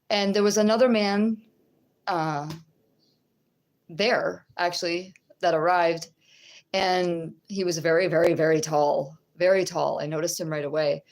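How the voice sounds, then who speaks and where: Middle-aged woman, low and unhurried, halting conversational religious testimony. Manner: conversational, checks in with the listener; halting, with restarts. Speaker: religious teacher.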